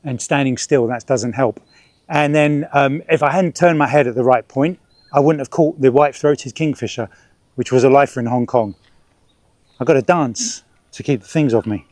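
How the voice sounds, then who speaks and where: A man's voice: medium pitch, normal speed, darkish tone, no echo. A middle-aged man vlogging outdoors in a park, rambling in a chatty, stop-start way as he birdwatches and swats at bugs. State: sweating, swatting ants and bugs. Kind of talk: casual outdoor vlog narration.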